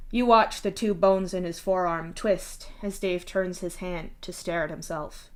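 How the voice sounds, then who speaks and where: A woman narrating a fanfiction chapter aloud in a steady, even voice. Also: lowish voice. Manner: steady second-person narration. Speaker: fanfiction reader.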